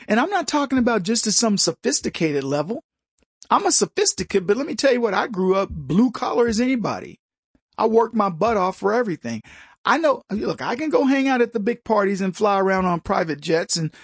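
An American man with a high, husky voice delivers a forceful opinion monologue. He trips over his words and restarts his sentences, and breaks into mocking voices. The sound is close and dry, with no room around it. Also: no room sound. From United States. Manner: emphatic, stumbling restarts, mocking voices for others.

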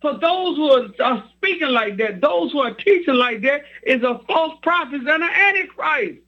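A man's voice: very high voice, expressive, normal speed, lo-fi sound. A man preaching a sermon, reading scripture and repeating his points with emphasis.

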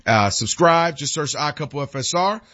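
A man's voice: a little high, expressive, normal speed, fairly bright tone, muffled recording. A man co-hosting a radio show, chatting in a laid-back, slangy way. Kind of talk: casual sports radio chat.

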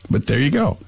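A man hosting a radio talk show, plugging an event and then ranting, his voice climbing high when worked up. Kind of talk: casual radio talk and rant.

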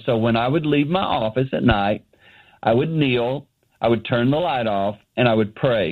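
A man's voice: medium pitch, expressive, fairly quick. Middle-aged man, phone-in guest, earnest storyteller with fillers, tinny phone line. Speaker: guest, ministry founder. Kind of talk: phone interview on radio. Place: his office.

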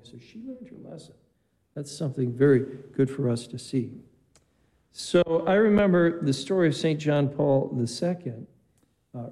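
A man's voice: medium pitch, mellow, rough recording. A man preaching a homily in a chapel, telling stories conversationally and quoting dialogue. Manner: conversational storytelling with quoted dialogue. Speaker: priest.

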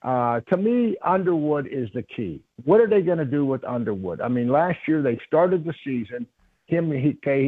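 A man's voice: medium pitch, animated, normal speed, husky, dry recording. A man who is a former football coach, calling into a radio show as a guest and talking in a rambling, folksy way with many fillers. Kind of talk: phone-in radio interview. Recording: tinny phone line.

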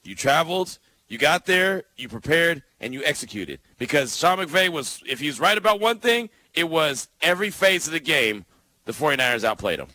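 A man hosting a sports radio show, energetic and conversational with rhetorical asides. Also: a little high, normal speed, no echo, low-quality recording. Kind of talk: casual sports radio banter.

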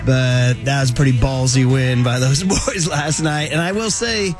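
A man hosting sports talk radio, casual and animated, full of slang, his voice jumping up when he gets worked up. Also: mid-range voice, normal speed, music in the background.

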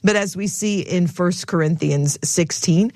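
A woman talks through scripture with a co-host in a relaxed teaching chat. Her voice sits on the lower side. She reads verses aloud with clear emphasis. The recording is close and dry. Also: unhurried, dry recording. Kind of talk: casual Bible teaching chat.

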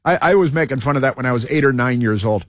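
A man's voice: mid-range voice, fast talker, dry recording. Guy hosting a talk show, rambles n repeats himself, dead dry studio sound. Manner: digressive, stumbling, repeats himself with many fillers. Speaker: radio talk show host. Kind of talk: rambling opinion monologue.

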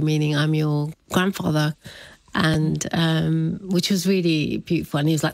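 A woman's voice: deep voice, fairly even intonation, measured pace, gravelly, no room sound. A middle-aged woman in a casual interview, chatting and laughing often as she acts out what others said. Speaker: guest telling her story.

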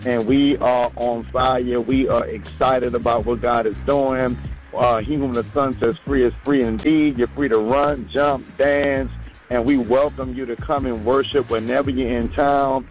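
A man's voice: mid-range voice, fairly even intonation, a little slow, soft background music, low-quality recording. Fervent male minister calling in. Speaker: caller. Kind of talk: phone call shout-out.

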